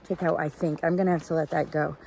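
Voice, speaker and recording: A woman's voice: deep voice, little pitch movement, fast, gravelly, mellow. A woman, chatting to the camera about her hike in a giggly, storytelling way. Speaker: thru-hiker vlogger. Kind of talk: casual vlog talk to camera. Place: outdoors by a waterfall and creek. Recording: noisy outdoor recording.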